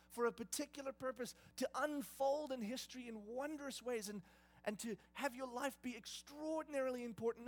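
A man preaching a sermon in an emphatic style, swinging between hushed and loud delivery. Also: extremely high pitch. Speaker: pastor.

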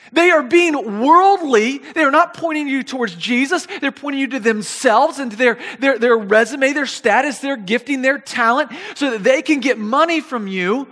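A man preaching a sermon, animated and reading scripture aloud, often repeating his words. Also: very high voice, moderate pace, big-room sound.

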